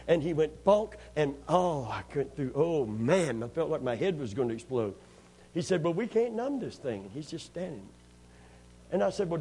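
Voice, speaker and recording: Lively husky male preacher. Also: a little high. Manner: lively storytelling, asks the congregation to answer; folksy, humorous asides. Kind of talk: sermon with call and response.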